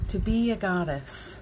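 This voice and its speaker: A middle-aged woman hosting a spiritual morning livestream, greeting viewers by name in a gentle, playful way with small laughs. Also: mid-range voice, noisy background. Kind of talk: live-streamed spiritual talk greeting viewers.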